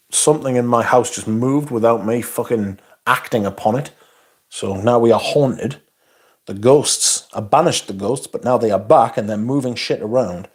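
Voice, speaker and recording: A man's voice: medium pitch, darkish tone. A man hosting a casual livestream. He reads viewer comments aloud and answers them bluntly, swearing often and adding asides. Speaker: livestream host. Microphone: phone.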